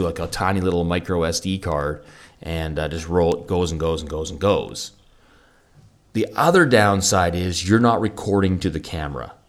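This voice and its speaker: A very low-pitched man co-hosting a casual podcast. He rambles through gear talk, often restarting his sentences and getting enthusiastic about gadgets. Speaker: podcast co-host. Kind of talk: casual gear review chat.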